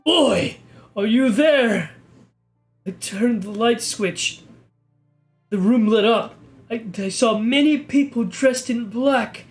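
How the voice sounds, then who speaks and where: A man giving a mock-serious, deadpan reading of an amateur horror story, stumbling over the text now and then. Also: very high voice, takes it slowly, faint music behind. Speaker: video creator reading a story.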